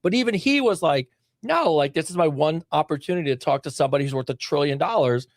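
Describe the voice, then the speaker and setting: Male podcast co-host, slightly high voice, emphatic and animated, dead-dry close mic. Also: fast talker, no room sound. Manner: animated, emphatic, lots of restarts. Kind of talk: casual chat.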